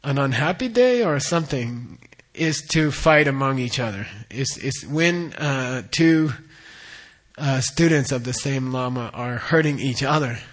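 A middle-aged man teaching Buddhist tradition, explaining terms slowly and often checking in with "okay?". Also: medium pitch, expressive, fairly bright tone. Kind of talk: dharma teaching.

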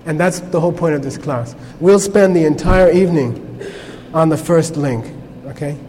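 A man's voice: fairly high pitch, moderate pace, dark tone, in a large hall. A man teaching a Buddhist class in a conversational way, checking in with his listeners with frequent "okay?". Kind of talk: informal class lecture.

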